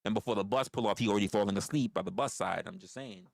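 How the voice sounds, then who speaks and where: A man's voice: fairly low pitch, fast talker, gravelly, dry recording, clean studio sound. A man, rambling through profane stories on a casual livestream. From New York. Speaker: livestream host.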